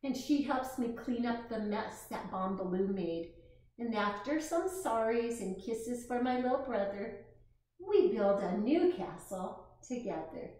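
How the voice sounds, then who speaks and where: A woman reads a picture book to small children in a gentle, slow manner and keeps asking them questions. Her voice is high and sing-song, and the recording rings with a strong room echo. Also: expressive. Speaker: children's storyteller. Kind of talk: reading a picture book to preschoolers. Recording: echoey room.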